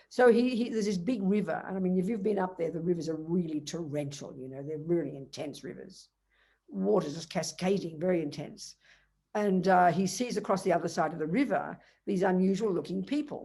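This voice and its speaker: An older woman teaching Buddhism to a retreat audience, telling a story with lively, emphatic asides. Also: fairly low pitch. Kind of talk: dharma talk to a retreat audience.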